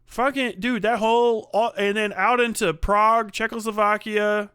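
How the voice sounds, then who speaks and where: A man's voice: high voice, flat delivery, moderate pace, pushed and bright, smooth, dry recording, clean studio sound. A middle-aged man live streaming, reading donations in casual chat, profane and rambling. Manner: profane, rambling, laughs often.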